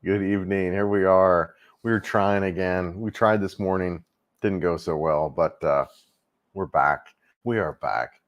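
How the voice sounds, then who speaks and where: A man's voice: deep voice, measured pace, lo-fi sound. A middle-aged man hosting a casual travel livestream, rambling easily with lots of fillers and restarts.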